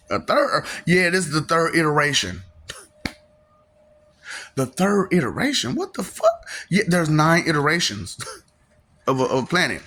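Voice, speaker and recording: A man's voice: on the high side, big pitch swings, a little slow, pauses often, pushed and bright. A man giving a rambling solo monologue in a manic, taunting way, breaking into cackles between lines. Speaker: vlogger.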